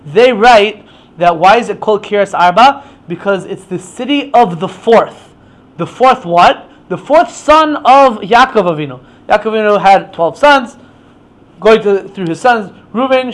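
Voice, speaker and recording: A man teaching an informal Torah class, explaining with many stammered restarts. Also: sits high.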